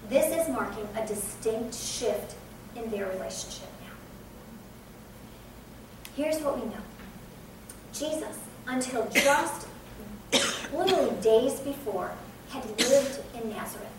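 American lady in her 40s teaching the bible, kinda high voice, far off in a big echoey room. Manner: earnest, conversational, laughs at herself. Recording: echoey room from a distance, faint background noise.

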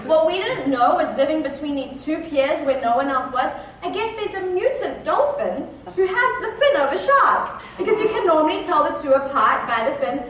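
A woman preaching a sermon, telling a personal story with animated shifts from hushed suspense to high excited outbursts. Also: normal speed, few pauses, slight background noise. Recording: echoey hall, voice from a distance.

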